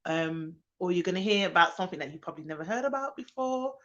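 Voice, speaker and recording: A chatty woman from Birmingham, England, a childcare expert, hosts a casual live stream, greeting viewers by name and saying "um" a lot. Her lowish voice is expressive, quick and a bit bright, though the recording sounds muffled.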